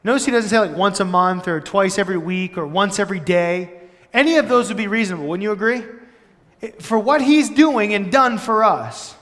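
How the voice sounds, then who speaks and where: A pastor giving a casual, storytelling sermon in a church, animated and full of "like" and "right?". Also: male voice, sits high, fairly quick. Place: church hall. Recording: long church-hall reverb.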